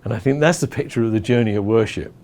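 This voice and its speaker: A man from England teaching about worship in stages, telling a story with lively acted-out crowd chants. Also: medium pitch, fast, slight background noise. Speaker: worship leader.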